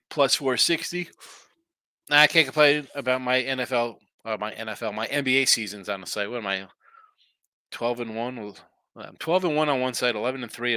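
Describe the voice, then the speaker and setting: A man's voice: medium pitch, bright, forceful tone, smooth, dry recording. A man hosting a sports betting show in a rambling, casual way, reading out viewer messages and answering them. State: tired, yawning. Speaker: sports betting podcast host. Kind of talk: casual live-stream chat.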